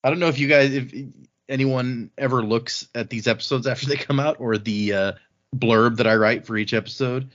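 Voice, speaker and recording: A man casually recapping a book chapter on a podcast, rambling and animated as he retells the action. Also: medium pitch, a little fast. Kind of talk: casual chat. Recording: slightly dull lo-fi sound.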